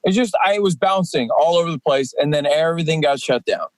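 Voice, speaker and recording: A man in his forties, a professional wrestler and podcast guest, talking at length in a rambling, energetic way with many fillers. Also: on the high side, brisk, no room sound. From Canadian East Coast. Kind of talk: casual podcast chat.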